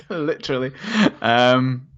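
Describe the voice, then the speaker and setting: A man's voice: mid-range voice, sing-song, takes it slowly, a bit bright, smooth, muffled recording. Chatty Scouse man rambling. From Liverpool, England. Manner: chatty, rambling, laughs often. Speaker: guest, podcaster and activist. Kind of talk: casual conversation.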